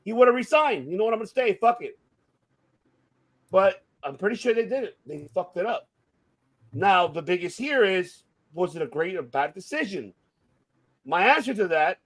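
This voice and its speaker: Man ranting heatedly, slightly high voice. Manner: heated, profane ranting with quick swings in loudness. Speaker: podcast co-host. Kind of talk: casual wrestling debate.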